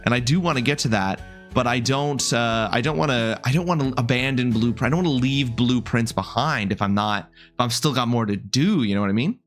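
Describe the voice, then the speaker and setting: A man's voice: mid-range voice, a bit bright. A young adult man live-streaming a game, chatting casually with his viewers, greeting them by name and joking as he trails off mid-sentence.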